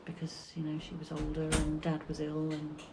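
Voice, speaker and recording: A middle-aged British woman, the artist's mother, reminiscing fondly in a relaxed conversation, halting and restarting as she reflects. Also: low voice, noisy background. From Britain.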